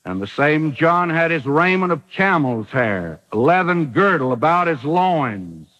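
A man preaches with emphatic, dramatic delivery in a high, bright voice. His pitch swings widely from phrase to phrase as he acts out the quotes. The sound carries the thin quality of an old radio broadcast. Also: big pitch swings, measured pace, highs cut off. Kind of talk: sermon.

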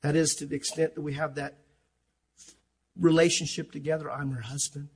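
An older man preaching with passion, his high voice husky and a little rough. He surges to loud declarations and then drops to near-quiet asides. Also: little pitch movement, moderate pace. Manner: impassioned, rising and dropping sharply in volume, acts out stories. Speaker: pastor. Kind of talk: sermon.

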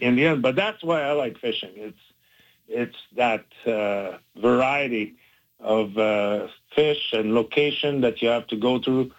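A man's voice: medium pitch, dull audio. A man in his sixties talking casually as a phone-in radio guest, with lots of fillers and restarts and an easygoing, smiling delivery. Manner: warm, chatty, many fillers and restarts, laughs easily.

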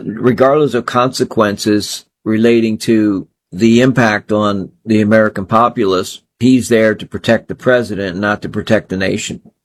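A man hosting a solo political commentary show, talking in an indignant, scornful way and piling up phrase after phrase. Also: on the low side.

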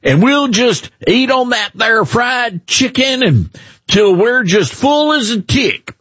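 A man's voice: very high voice, lively intonation, slow pace, a bit bright, slightly rough, no echo, pitched above the performer's own voice, full character voice. A radio host doing an impression of a male politician who speaks in a folksy, drawling, fake Southern manner. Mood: folksy scolding.

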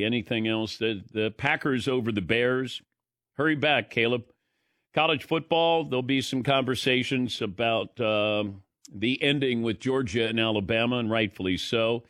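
A man hosting a sports talk radio show, running through the weekend's results in a brisk, wry rundown. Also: medium pitch, a bit bright, no echo, clean studio sound.

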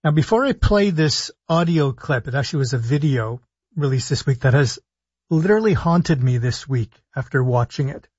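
A man, a physician hosting a call-in radio health talk show, speaking deliberately and stressing his points as he lists things one by one. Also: mid-range voice, lively intonation, darkish tone, husky, no room sound. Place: radio studio. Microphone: studio broadcast mic. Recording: dull lo-fi radio sound.

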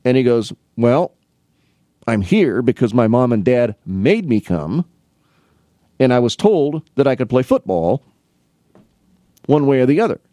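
A man's voice: mid-range voice, sing-song, measured pace, long pauses, mellow, no room sound, clean studio sound. A middle-aged man from the Midwest United States, an academic advisor, tells rambling anecdotes in a casual monologue and acts out both sides of the conversations.

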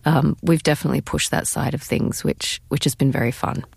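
A woman's voice: low-pitched, steady tone, a little fast, gravelly, a little mellow, slightly rough, dry recording, clean studio sound. A woman, a stage actress, answering interview questions with enthusiasm, laughing often and restarting her sentences.

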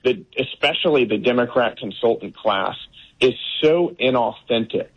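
Emphatic man, husky, on a dull line. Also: medium pitch, animated, normal speed. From Texas. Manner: emphatic, frequent fillers and restarts. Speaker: guest. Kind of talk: political interview.

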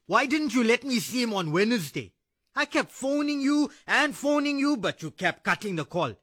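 An actor playing a drunk, abusive ex-husband who is a bullying cop, slurring and taunting. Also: male voice, very high-pitched, very animated, normal speed, fairly bright tone, full character voice.

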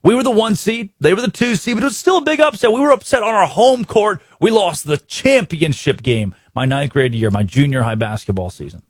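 Animated, husky-voiced sports host. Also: male voice, high voice, brisk, hardly any pauses, no room sound, clean studio sound. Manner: excitable, talks in bursts with repeats and restarts.

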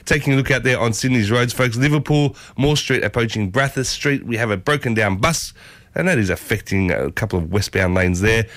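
Exuberant Australian radio host, slightly husky. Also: male voice, mid-range voice, fairly quick, fairly bright tone, no echo. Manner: exuberant, playful, jokey catchphrases. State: slightly husky from a sore throat. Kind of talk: breakfast radio show hosting. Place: community radio studio. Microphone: studio microphone.

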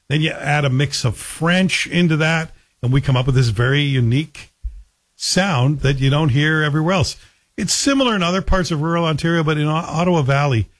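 Husky chatty male radio host. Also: fairly high pitch. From Scotland. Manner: chatty, animated storytelling. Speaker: radio talk show host. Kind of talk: casual radio talk.

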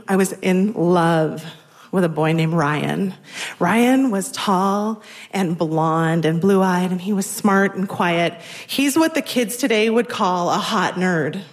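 A woman in her forties telling a personal story on stage with wry, self-deprecating humor. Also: mid-range voice. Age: 40s.

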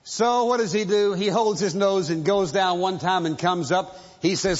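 A man with a fairly high voice preaching emphatically and asking rhetorical questions. His storytelling rings through a large church hall with a long reverb. The recording is dull and lo-fi. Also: normal speed, few pauses. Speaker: pastor. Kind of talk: sermon.

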